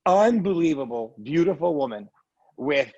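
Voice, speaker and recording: A man's voice: on the high side, animated, darkish tone, dry recording, dull audio. A man telling his life story as a guest in a casual interview, earnest and emotional. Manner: earnest, emotional, quick asides like "right?".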